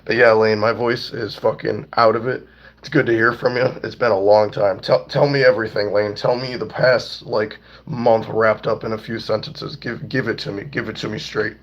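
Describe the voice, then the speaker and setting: A young man with a hoarse, worn-out voice, chatting loosely and profanely on a livestream and greeting viewers by name. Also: on the low side, level tone, moderate pace. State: hoarse, voice nearly gone. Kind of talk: casual livestream chat. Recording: dull lo-fi stream audio.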